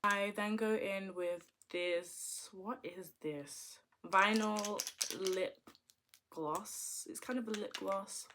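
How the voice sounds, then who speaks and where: A young woman talks through her makeup routine at an easy, slow pace. Her voice is bright and sharp-edged. She murmurs quietly while working, then bursts into loud, excited calls to her viewers, recorded close on a camera mic indoors. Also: mid-range voice, a little hiss or hum. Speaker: makeup vlogger. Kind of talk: makeup tutorial chat.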